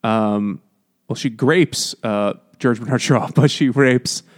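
A man in casual banter on a comedy book podcast, with a middling pitch. He laughs often and drops into playful character voices when quoting scenes. The talk stays loose and jokey throughout. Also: slow. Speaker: podcast co-host.

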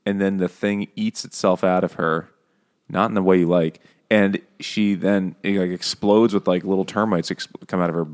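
A man casually retelling a novel's plot for laughs, crude and animated, often breaking into laughter and quick voiced quotes. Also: deep voice. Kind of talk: casual comedic book recap.

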